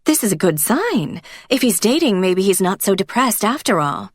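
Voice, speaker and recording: A woman voicing Elsa, an eager, sympathetic young wife who pitches her voice up in excitement. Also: normal speed, no echo, clean studio sound. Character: bubbly caring young vampire wife.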